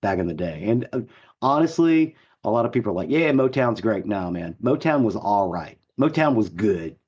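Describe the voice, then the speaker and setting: Gruff hoarse guy rambling excitedly on a podcast, lowish voice, kinda dull lo-fi sound. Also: moderate pace. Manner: enthusiastic, rambling with many fillers. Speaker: podcast co-host. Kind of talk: casual chat.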